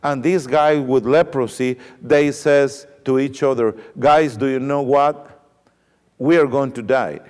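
A man preaching a sermon, retelling a story with animated, repetitive emphasis. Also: mid-range voice, a little slow, clear, resonant tone. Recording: long reverb of a hall.

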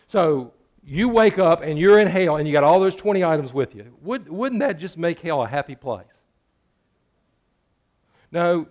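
Male pastor, sermon, conversational and joking, loud then hushed, slightly high voice. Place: church.

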